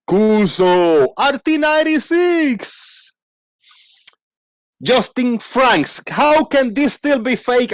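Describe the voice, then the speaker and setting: A man hosting a casual livestream, rambling playfully and reading out shout-outs to viewers. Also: high-pitched, no echo, clean studio sound. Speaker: livestream host. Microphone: desk microphone.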